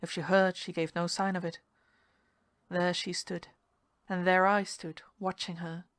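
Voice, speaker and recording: A woman narrating a ghost story in a measured, hushed storytelling manner. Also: lowish voice, little pitch movement, no room sound, studio quality. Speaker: story reader.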